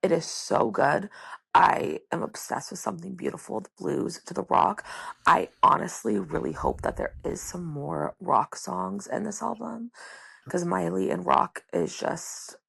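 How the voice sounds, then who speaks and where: Hoarse, gravelly young woman fan. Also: fairly low pitch, measured pace, no echo. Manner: gushing, excited fan. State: hoarse from being sick. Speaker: listener leaving a voice message. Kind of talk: recorded voice message.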